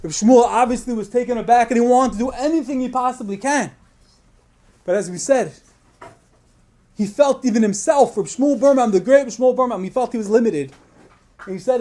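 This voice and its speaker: High-voiced man telling an earnest sermon story. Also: a little fast, long pauses, dark tone. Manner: earnest storytelling that builds in emotional intensity. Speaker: speaker at a Tisha B'Av program.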